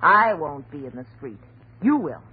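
An actress playing a scheming young wife in a vintage radio drama, with a shrill, theatrical delivery. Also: female voice, big pitch swings, normal speed, crowd noise. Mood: defiant. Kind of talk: 1940s radio acting. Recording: tinny old radio recording, faint hiss.

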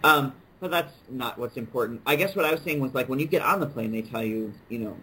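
A man's voice: mid-range voice, fast talker, few pauses, fairly bright tone, a little hiss or hum, poor audio. A man co-hosting a casual podcast chat, joking and incredulous in his banter. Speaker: podcast co-host.

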